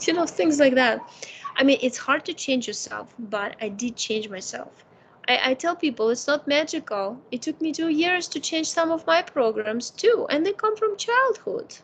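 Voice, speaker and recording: Woman, higher-pitched, gravelly texture, emphatic advisor, faint noise behind. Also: animated, moderate pace, a bit bright, low-quality recording. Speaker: psychic consultant. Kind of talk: casual consultation.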